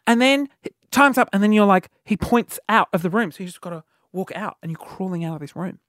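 A man's voice: high-pitched, expressive, brisk, fairly bright tone, dry recording, studio quality. A man hosting a solo podcast, telling a story in a cheeky, rambling way full of fillers and restarts. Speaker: podcast host.

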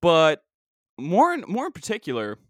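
Brief: male podcast host, fairly high voice, lively swings, dry close sound, exasperated at-home rant. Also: moderate pace, dry recording. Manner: animated, exasperated ranting. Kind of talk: casual solo podcast rant. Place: at home, dog nearby.

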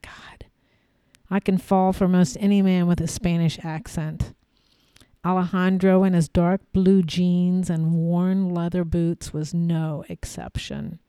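A woman hosting a podcast, telling a personal story in a measured way, pausing often and repeating phrases for emphasis. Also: lowish voice, mellow, clear, resonant tone, no room sound. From United States. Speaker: podcast host.

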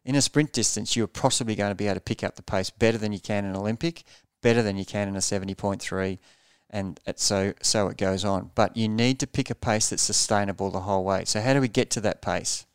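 A man's voice: on the low side, steady tone, fast talker, clean tone, no room sound, clean studio sound. A man coaching triathletes in a podcast interview, explaining pace earnestly and repeating words as he thinks.

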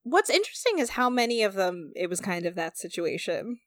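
A woman's voice: mid-range voice, very animated, fairly quick, dry recording, clean studio sound. A young woman co-hosting a podcast, recapping episodes in casual, profane chat with sarcastic asides. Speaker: podcast co-host recapping a reality show.

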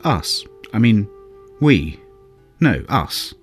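A man's voice: lowish voice, animated, measured pace, soft background music, voice pushed up. A man voicing a polite, earnest young man lost in a forest, who stumbles over his words. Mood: flustered.

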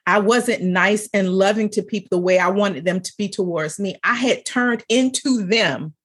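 Husky woman chatting about faith, storytelling, voice jumps way up for emphasis, laughs a lot. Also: medium pitch, normal speed. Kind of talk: casual faith-based conversation.

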